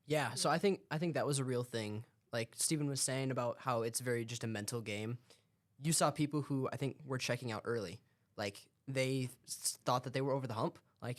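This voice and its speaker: A young man with a mid-range voice talks through his points in a casual podcast chat. He explains at a steady pace and often pauses on fillers as he thinks. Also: mid-range voice. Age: young adult. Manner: thoughtful, explaining with frequent fillers.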